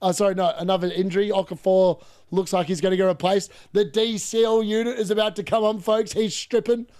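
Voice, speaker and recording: An excitable man giving live football commentary and reaction, shouting at missed chances and mocking the players. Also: sits high, brisk. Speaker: watchalong streamer.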